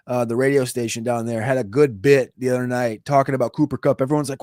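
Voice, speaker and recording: A man's voice: mid-range voice, steady tone, a little mellow, no echo, clean studio sound. A man co-hosting a football podcast, thinking aloud with plenty of "um" and "you know.". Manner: thinking aloud, with hedging fillers and drawn-out pauses. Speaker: fantasy football podcast co-host. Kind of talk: casual sports chat.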